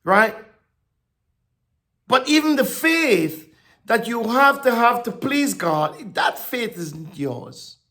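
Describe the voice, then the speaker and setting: A man preaching a sermon, halting and repeating words, swinging from soft reflection to emphatic declarations. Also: extremely high pitch, very animated.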